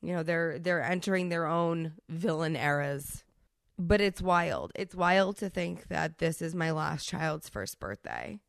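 A woman's voice: deep voice, animated, unhurried, creaky, dry recording, studio quality. A woman in her thirties hosting a solo podcast, talking candidly with a stuffy, congested voice and frequent restarts. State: congested from a cold. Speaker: podcast host.

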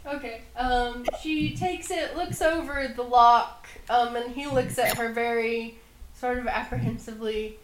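A woman game master narrating a fantasy tabletop game in a high, unhurried voice. She pauses often with fillers. The room echoes noticeably. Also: fairly even intonation, a little hiss or hum.

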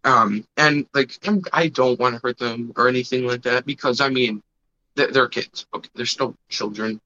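A man's voice: mid-range voice, normal speed, sharp tone. A young man casually telling a long story on a podcast, rambling with fillers and acting out the other people's voices. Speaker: podcast host. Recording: dull lo-fi sound.

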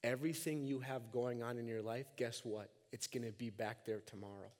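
A man in his thirties from Minnesota with a Minnesotan accent, preaching a sermon and swinging from quiet, low talk to shouted cries. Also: steady tone, brisk. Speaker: pastor. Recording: long echoing hall reverb.

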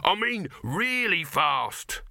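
A man playing an excitable middle-aged showman who shrieks in agitation. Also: high voice, takes it slowly, vocal fry, no echo, studio quality, pitched above the performer's own voice, exaggerated voice. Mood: shrill.

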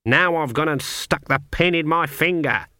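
A man voicing a stern, sharp-tongued old witch woman who speaks curtly and gives orders. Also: on the high side, moderate pace, no echo, studio quality, pitched above the performer's own voice. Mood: irritable. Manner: curt and commanding.

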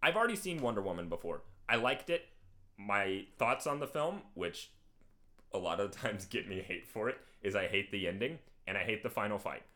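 A man's voice: fairly low pitch, normal speed. A young man co-hosting a comedy podcast, animatedly recapping movies in casual chat. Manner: animated, recaps with acted voices. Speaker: podcast co-host.

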